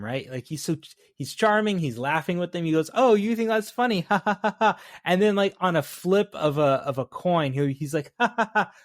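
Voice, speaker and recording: A male podcast co-host talks through a movie in relaxed chat, laughing readily and asking his partner questions. His voice sits close and dry, with no room around it. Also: fairly high pitch, dry recording. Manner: laughs easily, asks follow-up questions. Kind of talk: casual film review chat.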